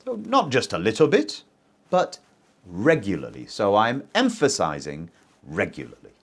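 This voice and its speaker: A male English teacher leads a pronunciation lesson, saying example sentences for learners to repeat. He speaks slowly and with great care. His intonation climbs and drops a long way as he stresses words. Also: on the low side, husky. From English-speaking country. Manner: very lively teacher intonation, slow deliberate pacing.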